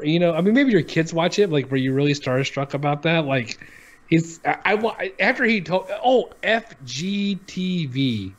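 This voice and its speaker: A man in his thirties talks in a loose, unscripted chat, blunt and dismissive and quick to swear. His voice sits a little high for a man. The recording is dull and lo-fi, as if through a cheap mic. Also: lively intonation. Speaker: podcast co-host. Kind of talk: casual chat. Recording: dull lo-fi audio.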